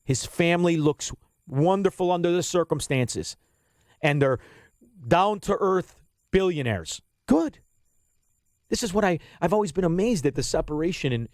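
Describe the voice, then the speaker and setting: A man's voice: on the high side, no echo, clean studio sound. A middle-aged man hosting a radio talk show, ranting bluntly and combatively with plenty of swearing. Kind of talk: opinionated talk radio monologue. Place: radio studio.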